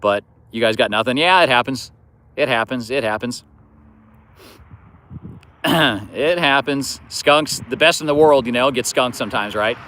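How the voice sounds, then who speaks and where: Rambling easygoing man, bright voice. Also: medium pitch, unhurried, long pauses. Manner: easygoing, rambling, many fillers like "you know". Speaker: fishing livestream host. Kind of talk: casual livestream chat reading comments.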